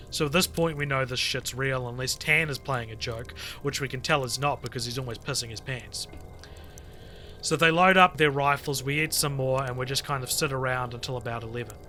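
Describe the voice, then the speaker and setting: A man on a podcast reading a creepy internet story aloud to friends, lively and full of swearing. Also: mid-range voice. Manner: animated storyteller, swears freely, breaks off to chat. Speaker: podcast co-host reading stories.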